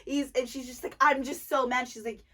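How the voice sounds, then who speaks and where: A woman in her twenties co-hosting a podcast, talking in an animated, profane way in casual chat. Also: sits high, husky. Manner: animated, profane, quick to laugh. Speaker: podcast co-host. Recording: slightly distant from the mic.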